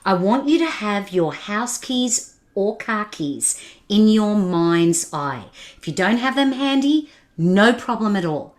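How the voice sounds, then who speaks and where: Woman speaker, motivational webinar talk, talks straight to the audience, lively, asks questions. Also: mid-range voice, slow pace. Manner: addresses the audience directly with questions and challenges; lively and animated, laughing at audience comments. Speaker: keynote speaker.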